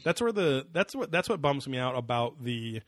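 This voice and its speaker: Brief: young male co-host, crude rambling banter, medium pitch, dry close sound. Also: big pitch swings, normal speed, no room sound. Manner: rambling, crude, laughs often. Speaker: podcast co-host. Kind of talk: casual comedic chat.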